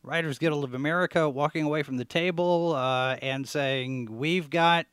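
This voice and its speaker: A man hosting a live online talk show, upbeat and hurried as he introduces his guests. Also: a little high, fairly bright tone, dry recording. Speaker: podcast host and editor.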